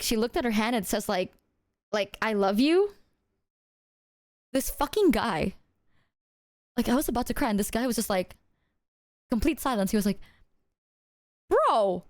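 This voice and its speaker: A woman streamer telling stories to her chat in a lively, profane, chatty way. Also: on the high side, no room sound, studio quality. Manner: animated, profane storytelling, talks to chat. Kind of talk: casual livestream chat.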